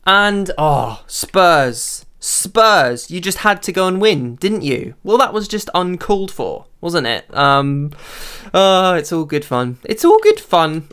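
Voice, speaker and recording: A young man narrating his own football video game as a gaming creator, talking to himself and bursting into high shouts when chances come. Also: clean tone. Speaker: gaming YouTuber. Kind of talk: live gameplay commentary.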